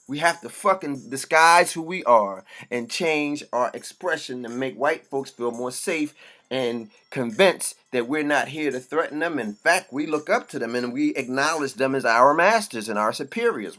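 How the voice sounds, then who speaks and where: A man's voice: mid-range voice, animated, normal speed, fairly bright tone. A man delivering an impassioned, profane monologue. He talks bluntly and preaches in short bursts.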